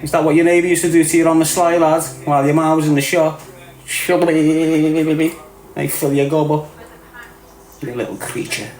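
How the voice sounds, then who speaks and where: A man's voice: fairly high pitch, level tone, fast talker, a little mellow. Mocking Scouse man in a roomy echo. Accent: Scouse (Liverpool). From Liverpool area, England. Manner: mocking, streetwise banter, frequent laughter, calls everyone "lad". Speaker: livestream host. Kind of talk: casual livestream rant. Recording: roomy echo with faint music.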